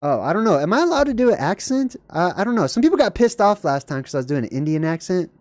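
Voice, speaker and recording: A man hosting a casual video, commenting in a jokey, animated way. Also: fast, no room sound, clean studio sound. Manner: animated, jokey, voice jumps high when excited. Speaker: video host.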